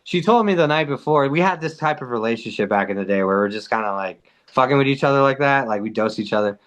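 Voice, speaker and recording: A man's voice: mid-range voice, fast. A man telling a wild story as a podcast guest, casual and profane, with "like" in almost every line. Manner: animated, profane, heavy use of "like".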